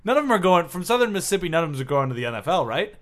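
A young man co-hosting a casual comedy sports podcast, joking with mock-blunt, deadpan jabs. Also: fairly high pitch, racing. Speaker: podcast co-host.

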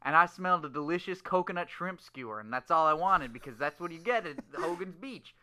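A man's voice: on the high side, animated, a little fast, bright, forceful tone. A man playing a dim-witted, rambling caller in an improvised comedy phone bit. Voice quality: goofy and rambling.

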